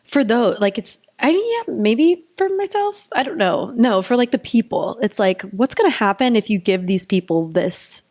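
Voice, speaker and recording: A young woman co-hosting a podcast in loose, giggly chat. She talks at a mid pitch, trailing into fillers and laughs as she tells stories. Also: expressive, normal speed, hardly any pauses, a little mellow. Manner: chatty, giggly, lots of fillers. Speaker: podcast co-host, pelvic physical therapist. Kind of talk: casual chat.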